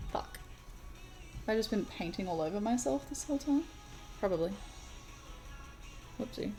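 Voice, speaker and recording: Woman, livestream craft chat, slow and unhurried, rambling with lots of ums, faint music behind. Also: medium pitch, creaky, darkish tone. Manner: rambling, many fillers and restarts. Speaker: streamer.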